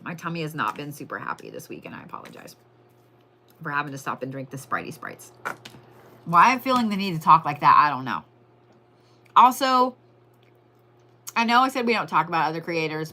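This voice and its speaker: A woman's voice: low-pitched, expressive, normal speed, pushed and bright, slight background noise. A woman giving a casual, profane live crystal and zodiac reading, chatting to viewers as y'all. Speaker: livestream tarot and crystal reader.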